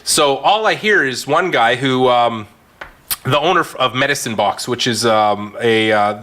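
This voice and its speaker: A man telling a story in a casual podcast chat, animated, laughing often and using many fillers. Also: mid-range voice, measured pace. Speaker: physician podcast co-host.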